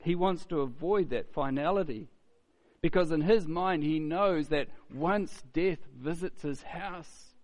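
A man's voice: fairly high pitch, a little slow, darkish tone. Man preaching a conversational sermon. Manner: conversational, asks "isn't it?" often, repeats words.

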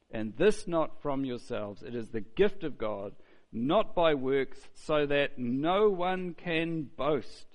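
A man's voice: fairly high pitch, animated, slow pace. A man preaching a sermon in a conversational way, with rhetorical questions and mocking quotes.

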